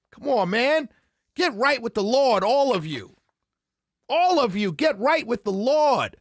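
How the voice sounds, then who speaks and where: A man hosting a talk radio show, ranting passionately and sarcastically, often raising his voice to a yell, close on the microphone. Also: extremely high pitch, big pitch swings, slow, no room sound. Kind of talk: political talk radio rant. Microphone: close studio mic.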